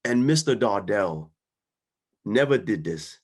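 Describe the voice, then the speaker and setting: A man's voice: fairly low pitch, animated, takes it slowly. Earnest man telling a personal story. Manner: earnest, conversational, often checks in with "right?". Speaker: guest speaker.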